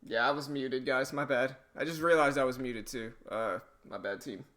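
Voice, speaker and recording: A man hosting a live day-trading stream, thinking aloud in a relaxed, halting way, his voice a bit hoarse. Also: medium pitch. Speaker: stream host, day trader.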